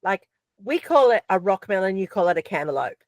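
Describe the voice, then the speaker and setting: A woman's voice: mid-range voice, a little fast, no room sound. Chatty Australian woman, dry sound. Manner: chatty, animated storyteller with many fillers. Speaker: podcast guest. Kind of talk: casual chat.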